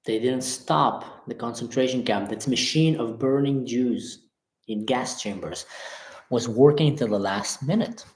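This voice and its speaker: A passionate man in Germany hosts a livestream talk, reading out viewers' comments and responding to them forcefully. His voice is medium in pitch and the sound is roomy.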